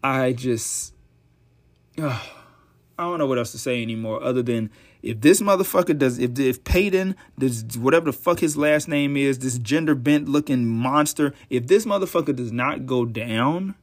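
A man's voice: mid-range voice, normal speed. A man giving an angry, profane commentary, heated and worn out. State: tired and frustrated. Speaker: vlogger.

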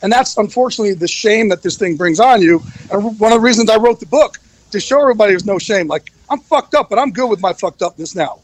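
Candid, emotional man, high voice. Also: lively intonation, fast, no echo, poor audio. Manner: candid, emotional, swears freely, repeats himself. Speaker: guest. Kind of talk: casual podcast interview.

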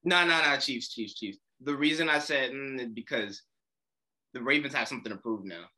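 A young man co-hosting a podcast, animated and slangy, saying "bro" a lot. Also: medium pitch, moderate pace. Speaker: podcast co-host. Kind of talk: casual chat.

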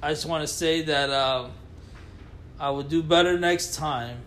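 A man's voice: fairly high pitch, a little slow, a bit bright, slight background noise. A man from Puerto Rico, co-hosting a casual wrestling chat, joking and swearing easily. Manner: joking, mock-formal apologies, swears casually. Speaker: podcast co-host.

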